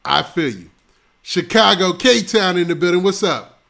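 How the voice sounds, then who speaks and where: A high-pitched, gravelly male voice hosts a casual live stream on a close mic. He runs through shout-outs to viewers in loose, laid-back slang. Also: animated, measured pace. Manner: shouting out viewers' locations one after another.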